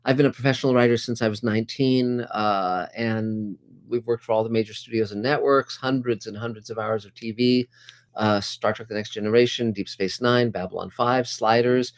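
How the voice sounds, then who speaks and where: A man's voice: lowish voice, fairly even intonation, normal speed. A middle-aged man hosting a casual group video call, upbeat and chatty with lots of fillers. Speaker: host.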